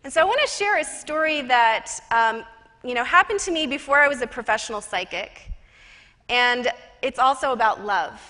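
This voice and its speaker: A woman tells a personal story from a conference stage, her voice high and bright. She talks in a lively, chatty way, with the long echo of a big hall around her. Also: moderate pace. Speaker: conference speaker and professional psychic.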